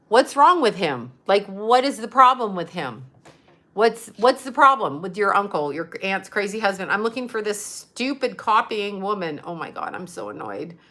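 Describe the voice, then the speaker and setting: Woman livestream host, bright tense voice, rambling and exasperated, curses freely, phone mic. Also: mid-range voice. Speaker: psychic medium livestreaming to followers. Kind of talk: casual livestream chat reading comments.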